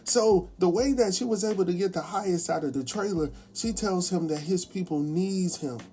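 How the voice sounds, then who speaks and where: A talkative man recapping a drama episode in a relaxed, colloquial way, slipping into quick impressions of the characters. His voice sits a bit high for a man but sounds warm and mellow. Faint music plays underneath. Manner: animated, acts out characters' lines in quick impressions; chatty, colloquial, laughs at his own asides. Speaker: recap show host.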